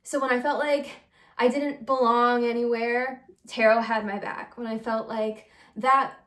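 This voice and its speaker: Her voice is a little high, slightly slow and fairly bright, with little pitch movement. A young tarot reader hosting her channel, she rambles casually to camera in an earnest, confessional vlog, giggling and using many fillers.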